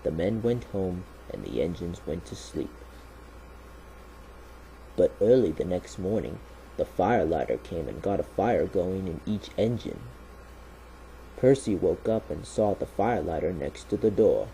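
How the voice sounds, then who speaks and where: A man narrating a children's story aloud in a steady, plain reading manner. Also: low voice, measured pace, creaky, a little hiss or hum, rough recording.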